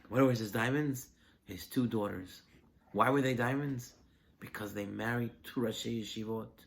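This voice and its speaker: A man's voice: medium pitch, a bit bright. A man giving a holiday sermon as a rabbi, telling stories animatedly with rhetorical questions.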